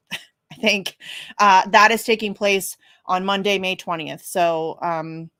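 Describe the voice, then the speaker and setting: A woman's voice: mid-range voice, steady tone, slow pace, fairly bright tone, no room sound. A woman hosting a casual livestream show, chatty and self-deprecating, a bit congested. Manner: chatty, self-deprecating, frequent fillers and laughs. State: congested from sneezing.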